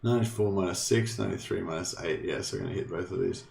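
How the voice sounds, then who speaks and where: A man's voice: low voice, fast talker, creaky, crowd noise. An Australian man commenting casually on a strategy game he is playing, thinking aloud and swearing now and then. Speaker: gameplay streamer. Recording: roomy echo, faint game music.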